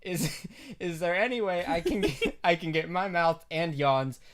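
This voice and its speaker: A young man with a slightly high voice chats on a podcast as a co-host. He jokes around and giggles his way through the talk, playful and loose. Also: a little slow, fairly bright tone. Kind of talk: casual chat.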